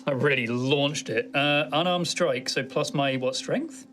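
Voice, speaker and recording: A man's voice: on the high side, unhurried, a bit bright, faint music behind. Casual man playing a tabletop game. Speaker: player.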